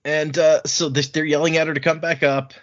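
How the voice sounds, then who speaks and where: A man's voice: on the high side, flat delivery, fairly quick. A man casually recapping a book chapter on a podcast, rambling with many restarts. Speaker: podcast co-host. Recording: slightly lo-fi podcast audio.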